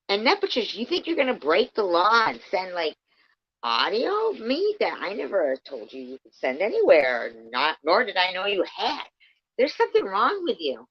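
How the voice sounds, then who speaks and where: A woman ranting angrily on a livestream, swearing heavily and swinging between low muttering and loud outbursts. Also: huge pitch swings, normal speed. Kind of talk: angry ranting livestream commentary. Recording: dull lo-fi stream audio.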